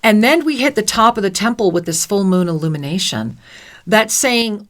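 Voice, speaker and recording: A woman's voice: mid-range voice, lively intonation, normal speed. A woman co-hosting spiritual talk radio, effusive and sing-song, giving intuitive readings to callers. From New Jersey. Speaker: radio show co-host and intuitive reader.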